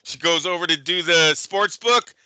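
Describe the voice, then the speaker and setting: A man co-hosting a show, telling a story in casual chat, animated and profane, acting out the people he quotes. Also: a little high, normal speed, smooth, no echo, low-quality recording. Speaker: boxing show co-host.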